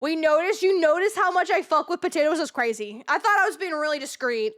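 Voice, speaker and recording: A young woman streaming live, chatting casually in a rambling, excitable way, swearing freely and repeating herself. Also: high-pitched, a little fast.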